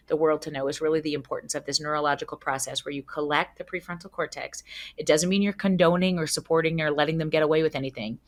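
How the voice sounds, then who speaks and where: A woman guest on a podcast, a child psychologist with a lowish voice. She tells vivid, animated stories, swears freely, and acts out every scene as she goes.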